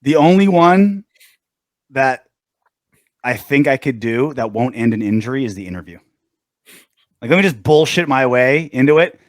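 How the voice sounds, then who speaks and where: A man with a mid-range voice hosts a sports podcast, chatting casually and joking around with his co-host. He speaks at a moderate pace with long pauses, and there's no echo. Animated and riffing, he quotes shows in playful voices.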